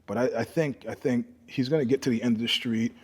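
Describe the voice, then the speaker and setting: Profane anecdotes pour out quickly from this older New York storyteller, a guest in a casual interview. His husky, slightly breathy voice alternates between booming, animated stretches and hushed, low remarks. A long reverb lingers behind him.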